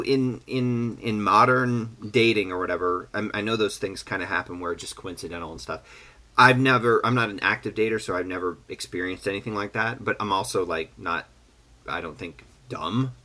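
A man hosting a casual chat, talking in an animated way with lots of fillers and restarts. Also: fairly low pitch. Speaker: podcast host. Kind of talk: casual chat, guessing game.

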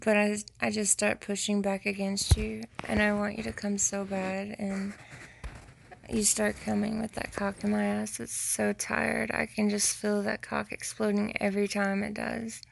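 A woman recording an intimate voice message to her partner, talking in a slow, teasing way that slips into whispers. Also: completely flat delivery, creaky, a little hiss or hum. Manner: slow, low-key and teasing, slipping into whispers.

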